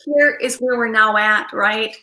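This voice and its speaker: A woman hosting a live collective tarot reading, excitable and rambling, who keeps checking in with her listeners. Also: on the high side, a little slow, reverberant, rough recording. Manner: excitable and rambling, with frequent "okay?" and "right?" check-ins. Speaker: tarot reader and livestream host.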